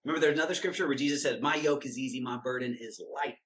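A man's voice: medium pitch, rapid-fire, fairly bright tone. A man giving informal Bible teaching in an emphatic, direct way that turns into preaching. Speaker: Christian video teacher.

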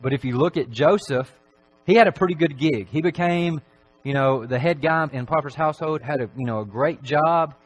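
A man preaching a Sunday evening sermon in a church, talking in a relaxed, conversational way with frequent filler phrases. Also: on the high side, brisk, low-quality recording.

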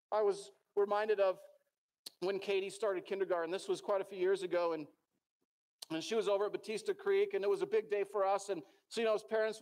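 A man's voice: high voice, darkish tone. A middle-aged man with an American accent, preaching a sermon in a church and telling stories earnestly, with many restarts. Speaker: pastor.

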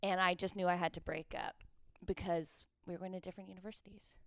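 A woman's voice: lowish voice, flat delivery, fast talker, dry recording. A woman hosting a comedy podcast, chatting casually in a blunt way, swearing and laughing often. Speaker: podcast host.

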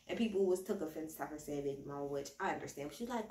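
A woman's voice: deep voice, quick pace, hardly any pauses, mellow. A woman giving a casual, profanity-laced recap while a little tipsy, recorded at home without a proper mic. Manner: slangy, profane, chatty. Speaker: reality TV recapper. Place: at home indoors. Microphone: built-in device mic, no external mic. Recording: roomy echo, no proper mic.

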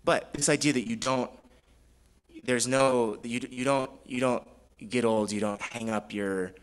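A man's voice: mid-range voice, fairly even intonation, measured pace, smooth, poor audio. A man giving an academic presentation, speaking thoughtfully and hesitantly with frequent restarts, and reading quotations aloud. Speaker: fellowship presenter.

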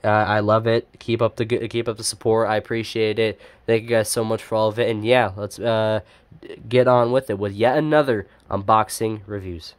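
A man talks casually through an unboxing vlog in a fairly low voice. He rambles, stops to correct himself, and fills the gaps with lots of "uh"s. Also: steady tone, normal speed, clear, resonant tone. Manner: chatty and rambling, with many fillers and self-corrections. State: sniffly. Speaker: die-cast collector and YouTuber.

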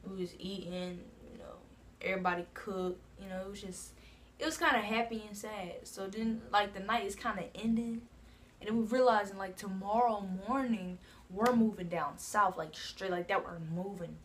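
A woman's voice: medium pitch, normal speed, a little hiss or hum. A woman from New Jersey telling a casual storytime on her own channel, rambling and filling her talk with asides like "you know what I'm saying". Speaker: vlogger.

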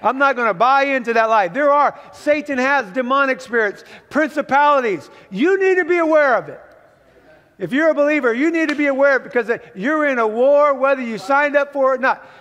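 A man's voice: very high-pitched, expressive, fairly quick, a bit bright, highs cut off. A man preaching a sermon as pastor, emphatic and urging the congregation on, heard in a church sanctuary. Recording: long reverb of a large hall.

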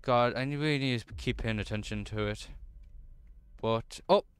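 A man's voice: medium pitch, moderate pace, clear, resonant tone. A man commentating as he plays a horror game, talking to himself nervously and swearing constantly. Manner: jumpy, swears constantly, nervous self-talk. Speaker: let's play gamer.

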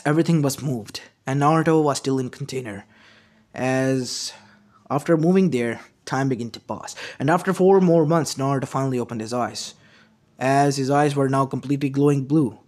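Halting male fan-story narrator. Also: medium pitch. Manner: unpolished, halting, restarts often. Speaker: channel narrator. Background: faint lo-fi music.

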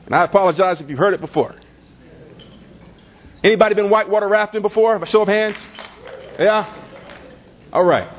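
A man's voice: high-pitched, moderate pace, pauses often, highs cut off. A man giving a rousing political dinner speech at a banquet, building to repeated rhetorical refrains with a humorous anecdote mixed in. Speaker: political speaker. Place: banquet hall at a party dinner.

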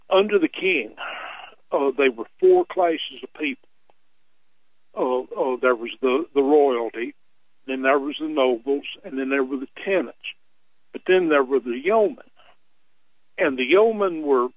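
A man calling in to a radio show, speaking haltingly with many filler sounds. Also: mid-range voice, no room sound. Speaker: caller. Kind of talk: phone-in call. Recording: tinny phone line.

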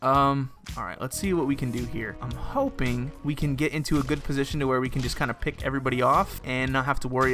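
A young man giving excitable, exclaiming, self-mocking commentary while he plays a shooter game. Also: medium pitch. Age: young adult. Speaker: gaming video host. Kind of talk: live gameplay commentary.

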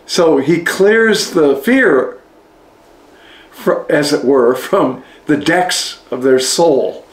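A man leading a book study, reading passages aloud and pausing to reflect on and explain them. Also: fairly high pitch, expressive. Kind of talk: reading aloud with spiritual commentary. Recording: echoey room.

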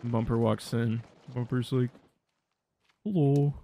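A man's voice: medium pitch, measured pace, slight background noise. Sarcastic joking male game streamer. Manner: sarcastic, deadpan joking, laughs at his own jokes. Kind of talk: casual gameplay commentary.

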